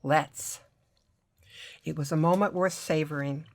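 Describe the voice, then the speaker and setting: Low-voiced woman reading her wry novel. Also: measured pace. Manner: wry, lively first-person storytelling. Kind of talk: reading fiction aloud.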